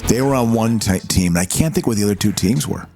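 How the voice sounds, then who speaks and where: A middle-aged man co-hosting a podcast, talking casually and haltingly, stumbling over and repeating words. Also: fairly low pitch, expressive, creaky, a little mellow. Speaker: podcast co-host. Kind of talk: casual chat.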